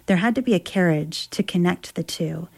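A woman author and travel writer reads from her memoir and then talks about it reflectively, often pausing to search for words. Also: lowish voice, creaky, darkish tone. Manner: reflective, with many fillers and restarts.

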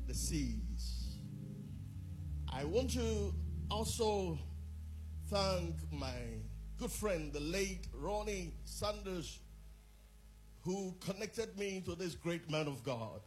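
A man's voice: high voice, lively intonation, extremely slow, pauses often, music in the background. A man preaching as a visiting bishop from overseas, leading a sermon and prayer with fervent, rhythmic delivery and repeated phrases.

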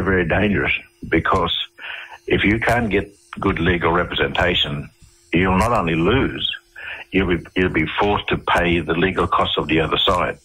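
Deep husky Australian man, rambling. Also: bright, forceful tone, low-quality recording. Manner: rambling, halting, many fillers and restarts. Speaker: interview guest. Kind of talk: casual radio interview storytelling.

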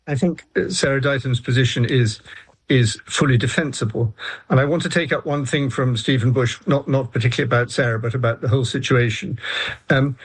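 A man who is a commentator on a radio panel, talking deliberately with frequent pauses and fillers. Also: medium pitch, slightly rough, rough recording. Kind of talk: panel debate.

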